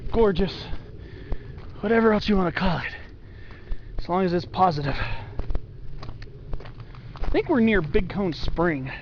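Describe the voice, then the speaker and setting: A man's voice: high-pitched, highs cut off, slight background noise. A man filming himself on a forested mountain hike, talking to the camera with enthusiastic, gushing praise for the trees as he walks. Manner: enthusiastic, gushing over the trees, talks to the camera while walking. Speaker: hiker filming his hike. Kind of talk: casual hiking vlog narration. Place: outdoors on a forested mountain trail.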